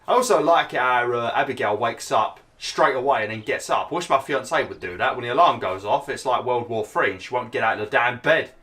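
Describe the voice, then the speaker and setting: A man's voice: mid-range voice, a little fast, few pauses, bright, forceful tone. A man giving casual gameplay commentary, chatty and joking, laughing and exclaiming as he plays.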